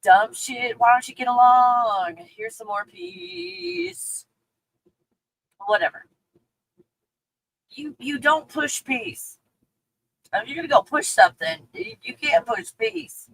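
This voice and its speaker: A woman's voice: a little high, fairly bright tone, rough recording. A woman from Texas with a faint Texas accent, chatting casually on a livestream, reading viewer comments, swearing freely and laughing often. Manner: profane and candid, laughs often.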